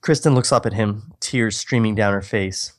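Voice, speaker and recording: A man's voice: on the low side, normal speed. A man reading aloud an old screenplay and joking about it in a wry, profane way. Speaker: co-writer reading his screenplay. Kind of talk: script reading with comic commentary.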